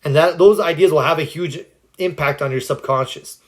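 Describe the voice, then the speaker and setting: On a livestream from his phone, a man from the United States answers viewer questions with sincere, uplifting self-help guidance. He speaks at a normal speed in a highish voice that cracks slightly.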